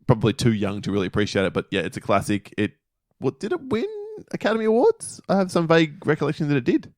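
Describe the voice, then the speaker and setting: A man co-hosting a casual podcast, talking in a rambling way with halting restarts. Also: fairly high pitch, expressive, a little mellow, dry recording, clean studio sound. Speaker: podcast co-host.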